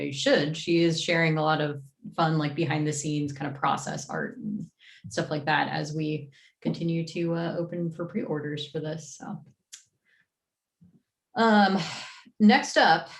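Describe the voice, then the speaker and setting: A woman in a livestream chat, talking about new releases in a loose, chatty way with plenty of ums and uhs. Her voice sits a little low for a woman. The room around her rings with echo. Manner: chatty, many fillers. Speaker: comics publisher staff host. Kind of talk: casual livestream rundown.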